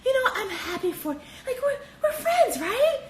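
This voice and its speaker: A woman imitating a gushing, fake-sweet young woman who stammers and giggles in a breathy, sugary tone. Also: very high voice, very animated, measured pace, heavy background noise, voice pushed up, exaggerated voice. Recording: echoey room.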